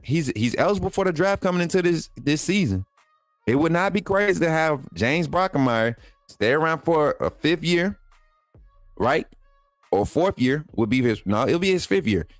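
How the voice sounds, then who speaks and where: This sports channel host, a man whose voice sits in the middle range, keeps things chatty on his live stream, talking straight to viewers and going over the same points again. The sound is dry, with no echo.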